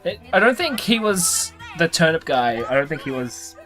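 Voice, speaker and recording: Man, casual episode commentary, animated up-and-down pitch, laughs a lot, faint music behind. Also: moderate pace. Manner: laughs often, puts on silly voices for jokes. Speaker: commentary co-host.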